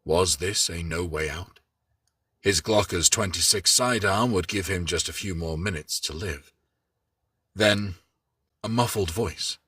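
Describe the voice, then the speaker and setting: A man hosting a show and reading a story aloud in a measured, dramatic way. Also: low voice, sharp tone, husky, no echo. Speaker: host and reader. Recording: distant mic, dry.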